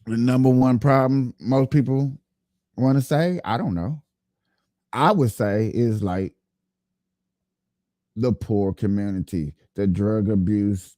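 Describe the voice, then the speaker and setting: An earnest man hosts his own political livestream, speaking straight to his viewers and circling back over his points. His voice sits a little low with a mellow, soft tone. The sound is dry and close, with no room echo. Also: fairly even intonation, a little slow, long pauses. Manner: earnest, repetitive, addresses viewers directly. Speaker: livestream host. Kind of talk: casual political livestream talk.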